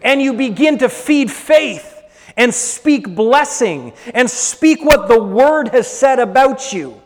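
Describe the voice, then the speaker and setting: A male pastor preaching a sermon, swinging between hushed lines and loud, drawn-out ones. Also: extremely high pitch, animated, in a large hall.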